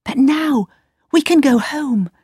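A woman voicing an earnest, loving little girl in a storybook reading, high and eager. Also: expressive, slow, a little mellow, no room sound, studio quality.

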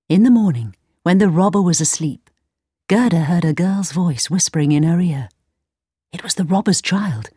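A woman narrating a storybook in slow, clear, simple sentences. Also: fairly low pitch, animated, warm tone, no room sound, studio quality.

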